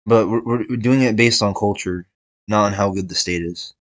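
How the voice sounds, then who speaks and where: A man's voice: lowish voice, moderate pace, dry recording, rough recording. A young man giving casual tier-list commentary, thinking aloud with fillers and restarts. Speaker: video creator ranking states.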